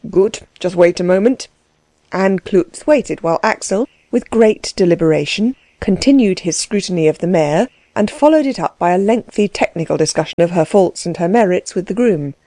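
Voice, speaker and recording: A woman narrating a classic novel with expressive, steady storytelling. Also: on the low side, normal speed, hardly any pauses, no echo. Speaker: audiobook narrator. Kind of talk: scripted narration.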